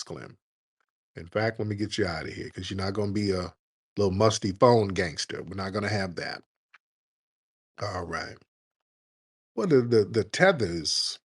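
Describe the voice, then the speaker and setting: A low, husky-voiced man hosting a call-in radio show. He talks bluntly and scolds his callers, with a rough, breathy edge to a fairly deep voice. He is from the United States. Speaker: host taking callers.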